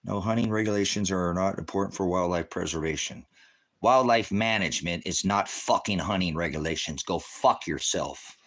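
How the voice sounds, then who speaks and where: A deep-voiced man hosting a livestream who fires back at his chat. He curses freely and dismisses his commenters with blunt, combative put-downs. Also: moderate pace, fairly bright tone. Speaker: livestream host of a ministry channel. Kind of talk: profane livestream rant answering chat.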